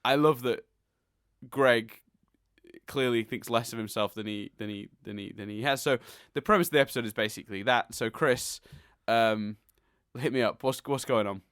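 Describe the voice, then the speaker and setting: A chatty man hosts a casual podcast, talking at a middle pitch. He recaps the plot with easy laughs and small restarts. The sound is dry and close to the mic. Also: moderate pace, a bit bright, clean tone, dry recording. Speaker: podcast host.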